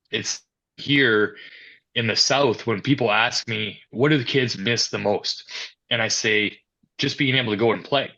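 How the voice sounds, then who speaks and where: Interview guest: a man with a low, forceful voice who tells stories in a conversational way. The recording sounds dull. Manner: storytelling, quoting others in animated asides. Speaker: hockey youth and amateur coordinator. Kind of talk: podcast interview answers.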